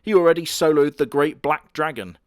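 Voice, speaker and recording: A man's voice: fairly high pitch, moderate pace, clear, resonant tone, dry recording. Sardonic man, dry voice-over. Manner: sardonic, crude, deadpan. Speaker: anime reviewer. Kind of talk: comedic anime commentary.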